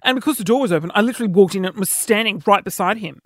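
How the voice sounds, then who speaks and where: Rapid-fire and chatty, a man runs through everyday stories in a casual monologue, mocking himself along the way. He acts out what others said, jumping in pitch for the quotes, recorded studio quality with no echo.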